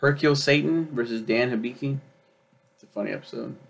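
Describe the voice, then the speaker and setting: A young man talks his way through a video review in a loose, rambling way, full of ums and swearing. His voice is gravelly and sits at a middling pitch. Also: brisk. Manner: rambling, profane, with many ums and uhs. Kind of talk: casual chat.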